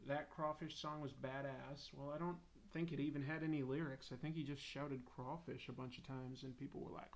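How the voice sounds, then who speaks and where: A man's voice: mid-range voice, steady tone, a little fast, creaky, few pauses. A man hosting a comics livestream, joking casually and reading viewer comments aloud while he draws. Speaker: comics YouTube host.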